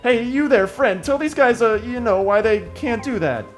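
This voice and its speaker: A man's voice: very high voice, lively intonation, moderate pace, soft background music, voice pushed up. A man voicing a timid, prim talking butterfly in a video game, speaking in a fussy, plaintive way.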